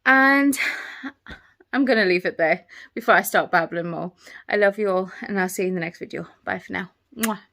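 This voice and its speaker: A woman's voice: on the low side, steady tone, quick pace, vocal fry, fairly bright tone. Woman, out of breath, chatty and rambling, home vlog. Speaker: vlogger. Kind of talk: casual vlog talk. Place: indoors at home.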